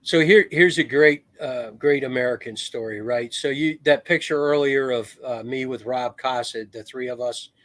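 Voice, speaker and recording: A middle-aged retired Marine officer tells rambling war stories in a casual podcast chat, restarting often and acting out the voices he quotes. His voice is medium in pitch at a moderate pace with hardly any pauses, fairly bright in tone, with no echo.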